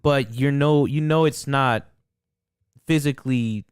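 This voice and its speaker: Smooth-voiced young man rambling. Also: medium pitch, unhurried, no echo, studio quality. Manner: rambling, profane, lots of fillers. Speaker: podcast co-host. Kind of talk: casual chat.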